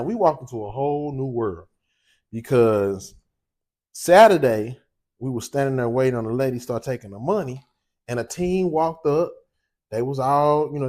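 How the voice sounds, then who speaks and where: Laid-back storytelling man, lower voice. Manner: animated, laughing, voices quoted people. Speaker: cooking show host. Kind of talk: casual storytelling.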